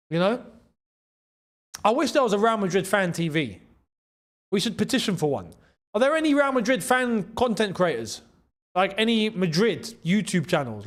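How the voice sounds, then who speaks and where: A man hosting a live football watchalong, excitable and chatty, repeating his phrases and laughing often. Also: fairly high pitch. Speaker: host.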